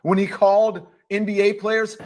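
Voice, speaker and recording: A man's voice: sits high, little pitch movement, moderate pace, very noisy. A man giving a sarcastic monologue as a political commentator, piling up rhetorical questions. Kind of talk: ranting monologue to camera.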